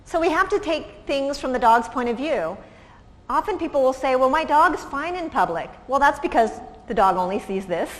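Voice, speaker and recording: This lecturer has a high voice with lively intonation and a moderate pace, presenting in a conversational style with examples. She's recorded in a reverberant hall, with faint noise in the background.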